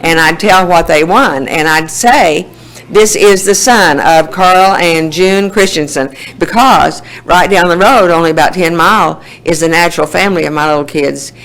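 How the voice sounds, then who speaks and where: A woman in her sixties with an Oklahoma accent tells her life story in a folksy way at a recovery meeting, laughing often as she gives personal testimony. Her voice is deep and a bit bright, and the audio quality is poor.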